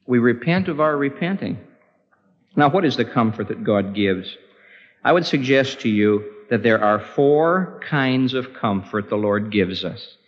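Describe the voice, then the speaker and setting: A man preaching a sermon with impassioned, pleading delivery, his voice climbing high in prayer. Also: animated, unhurried. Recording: dull lo-fi recording with long hall reverb.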